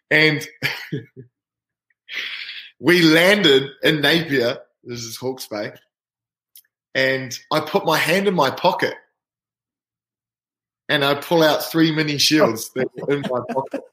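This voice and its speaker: A man, a rugby player guest telling an animated story in casual chat. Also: a little high, slow, long pauses. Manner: lively, animated anecdote-telling. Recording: roomy echo.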